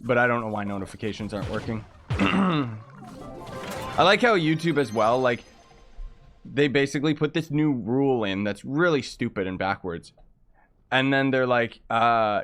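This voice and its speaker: A man chatting casually during a live game stream, ranting in frustration and breaking into quick exclamations. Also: medium pitch, a bit bright. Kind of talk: casual live-stream chat while gaming.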